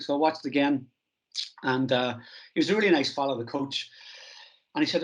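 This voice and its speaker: A middle-aged man from Northern Ireland, a strength coach telling stories from his career in a relaxed, self-deprecating interview. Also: on the high side, a little fast, long pauses, lo-fi sound. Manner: anecdotal, self-deprecating, acts out quoted dialogue.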